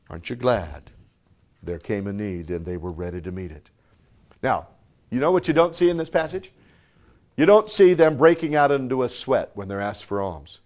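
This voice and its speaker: A man preaching a sermon to a live congregation, firing off rhetorical questions and swinging between loud emphatic bursts and hushed low tones. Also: moderate pace. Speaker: pastor.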